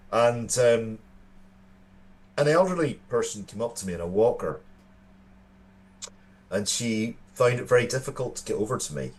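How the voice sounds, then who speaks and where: An Irish man in his thirties, a co-host telling earnest stories in casual chat, often restarting his sentences. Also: fairly low pitch. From Ireland. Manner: earnest storytelling with frequent restarts.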